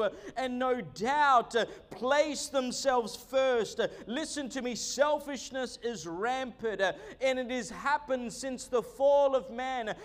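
A man, a pastor delivering an emphatic sermon with frequent "uh" fillers. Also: very high-pitched.

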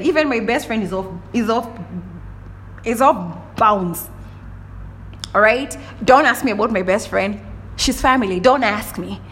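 A woman's voice: sits high, a bit bright. A young woman hosting a casual monologue, talking bluntly and with lots of animation, often restarting her sentences and throwing in playful exclamations. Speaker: podcast host.

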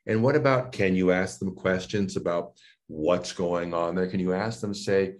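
In an interview, a male voice and speech coach with a low voice and moderate pace explains what his sessions involve. He's animated, voicing both sides of a coaching exchange himself.

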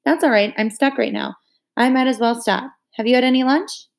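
A woman's voice: sits high, a little fast, vocal fry, voice pushed up. A woman playing a dreamy, faraway mother. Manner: vague, faraway and gentle. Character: dreamy, distracted adult writer mother. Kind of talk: audiobook read-aloud.

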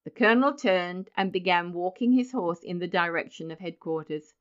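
A woman's voice: on the low side, moderate pace, hardly any pauses. Woman reading a storybook aloud. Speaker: audiobook narrator. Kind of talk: scripted storybook narration.

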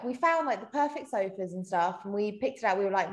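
Woman, podcast co-host, casual chat, quick laughs, raised pitch, echoey room. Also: steady tone. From South Africa. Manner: chatty, laughs often, acts out quotes.

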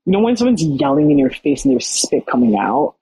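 Very husky young adult guest. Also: medium pitch, brisk, no room sound, rough recording. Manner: animated, many fillers like "like". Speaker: podcast guest. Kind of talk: casual storytelling.

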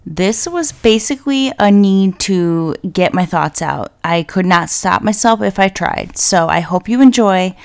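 A woman's voice: mid-range voice, lively intonation, unhurried, gravelly, hardly any pauses, darkish tone, clean tone. A young woman hosting a podcast who vents in a casual, blunt and profane monologue, getting fired up as she talks. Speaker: podcast host.

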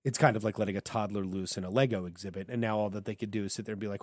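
Animated man, low dry voice. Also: racing, no room sound. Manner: animated, jokey, acts out quotes in funny voices. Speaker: podcast co-host. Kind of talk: casual political banter.

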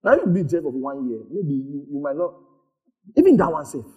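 A male pastor delivers a sermon in a high, lively voice that swoops up and down. He calls out for the congregation to repeat after him, and often breaks into laughter. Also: a little fast. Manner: animated preaching, calls for responses, laughs often.

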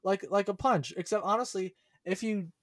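A man co-hosting a casual podcast, chatty and animated, often laughing as he talks. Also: sits high, normal speed, dry recording. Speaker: podcast co-host.

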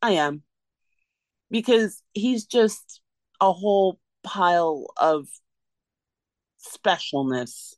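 A woman co-hosts a casual podcast, tearing into her subject with sarcastic, emphatic rants. Her voice sits at an ordinary middle pitch. The recording is dry, with no room sound at all. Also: expressive, drawn-out words, long pauses, no room sound. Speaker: podcast co-host. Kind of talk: casual reality-TV recap chat.

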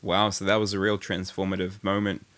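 NZ male podcast co-host, slightly low voice, effusive and enthusiastic, casual chat. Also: level tone, a little fast, a bit bright. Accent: New Zealand.

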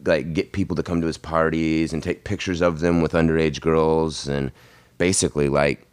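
A man's voice: extremely low pitch, flat delivery, normal speed, clean tone, no room sound. A man joking around in casual podcast banter. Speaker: podcast co-host. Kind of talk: casual chat.

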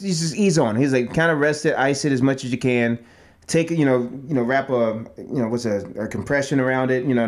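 A man co-hosting a podcast who trains fighters, telling a story with lots of cursing and acted-out quotes. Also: medium pitch. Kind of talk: casual storytelling chat.

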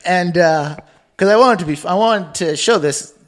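A man co-hosting a podcast, telling a story in an animated way and acting out the people in it. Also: high-pitched, moderate pace. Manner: animated, acts out voices in his stories. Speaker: podcast co-host. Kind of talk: casual anecdotal storytelling.

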